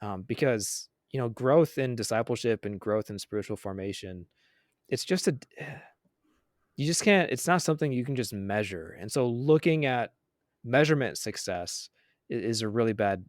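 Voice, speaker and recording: A man, a pastor co-hosting a podcast, talking things over in a measured, reflective way. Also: medium pitch, animated, no echo, studio quality. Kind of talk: casual chat.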